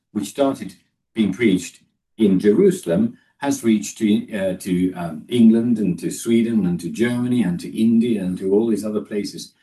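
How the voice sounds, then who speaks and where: A man's voice: on the low side, dark tone. Emphatic man preaching, distant mic. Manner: emphatic, rises sharply when quoting scripture, many fillers and restarts. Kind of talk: sermon.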